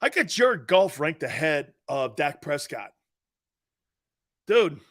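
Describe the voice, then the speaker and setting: A man hosting a sports talk show, joking loudly and laughing often as he riffs on football. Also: on the high side, big pitch swings, slow. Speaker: sports radio host.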